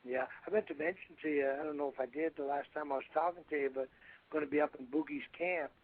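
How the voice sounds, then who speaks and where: Older male guest, husky voice, rambling phone-in chat, tinny line. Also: fairly high pitch, fairly even intonation. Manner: rambling, halting, calls hosts "brother". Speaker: guest, retired wrestler. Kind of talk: phone-in radio interview.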